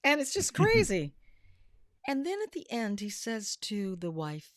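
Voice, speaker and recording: A woman co-hosting a casual panel chat, telling animated stories and acting out what people say. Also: mid-range voice, normal speed, no echo, studio quality. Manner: animated storyteller who acts out quotes. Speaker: podcast co-host.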